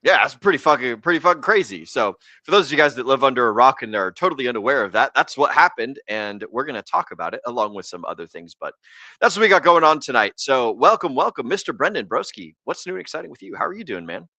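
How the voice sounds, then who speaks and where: A young American man hosts a casual livestream, rambling and cursing as he jokes along. His voice is bright and forceful. The sound is dry and close. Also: mid-range voice, big pitch swings, quick pace, no echo. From United States. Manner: rambling, profane and jokey. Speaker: podcast host.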